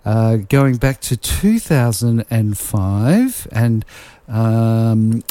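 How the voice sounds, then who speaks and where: A man's voice: fairly low pitch, animated, very slow, mellow, no room sound. A man hosting a casual radio interview, chatty and friendly as he prompts his guest with questions. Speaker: radio host. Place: radio studio. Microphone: close studio microphone.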